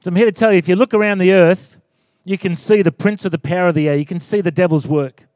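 A man, preaching a sermon as pastor, animated and calling out for amens. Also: high-pitched, fast talker, dry recording, studio quality. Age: 40s. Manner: animated, rising to loud exclaims and calls for amen.

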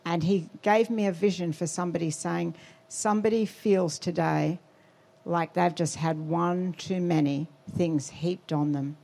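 A woman giving a sermon testimony, telling her story with animated quotes and emphasis. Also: on the low side, vocal fry. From Australia.

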